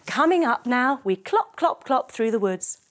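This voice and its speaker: A woman leading a children's yoga story, telling it in an animated way with playful sound effects. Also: a little high, a little slow. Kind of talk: guided kids' yoga story.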